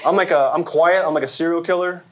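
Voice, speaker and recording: A man's voice: on the high side, fast, heavy background noise. A man in his forties doing a stand-up set before a live audience in a large hall, wry, and talking to the crowd. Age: 40s. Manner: lively, wry, talks to the crowd. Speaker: stand-up comedian.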